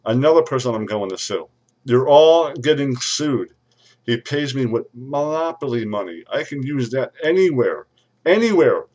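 A man acts out a pompous, irate lawyer on webcam, ranting and threatening to sue everyone with sudden shouts. It's a lightly acted comedic bit, delivered at normal speed in an animated, medium-pitched voice.

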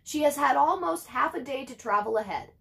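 A woman reading a calm, steady village father. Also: sits high, fairly quick, vocal fry, full character voice. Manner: firm, hushing.

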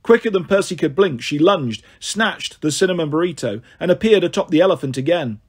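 A man narrating an audiobook in a steady reading voice, now and then stumbling on a word. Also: a little high, brisk, slightly rough. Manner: steady, occasionally stumbles on words.

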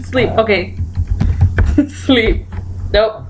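A woman talks through a guessing game in a relaxed, unhurried way, reading prompts aloud and giggling at her own guesses. Her delivery is slow, with a faint hiss in the background. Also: medium pitch. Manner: giggly, thinks aloud while typing guesses. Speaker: gaming YouTuber. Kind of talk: casual gameplay commentary.

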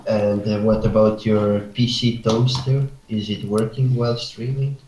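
A man's voice: on the low side, little pitch movement, a little slow, darkish tone, roomy sound, slight background noise, rough recording. A man on voice chat during a game stream, needling his friend with crude jokes. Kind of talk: casual gaming chat.

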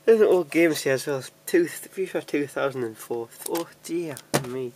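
A man's voice: on the high side, expressive, normal speed, noisy background. Chatty young man vlogging. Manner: chatty, self-deprecating, laughs often, many restarts. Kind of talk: casual rambling vlog chat. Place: at home sorting DVDs.

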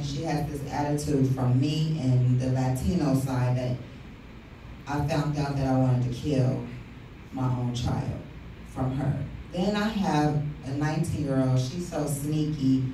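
Brash low-voiced woman doing stand-up. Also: steady tone, a little slow, mellow, slight background noise. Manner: brash and profane, teasing the crowd. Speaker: stand-up comic. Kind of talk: stand-up comedy set. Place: comedy club stage. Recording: echoey club room from far off.

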